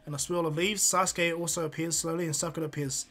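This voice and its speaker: A man's voice: fairly high pitch, steady tone, fast talker, sharp tone. A man improvising a fan fiction story aloud, rambling with many fillers and restarts.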